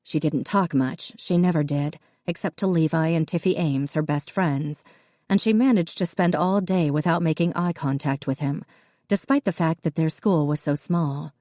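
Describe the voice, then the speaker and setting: A woman narrating an audiobook in an even, measured reading. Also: sits low, no room sound, clean studio sound. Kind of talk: scripted narration.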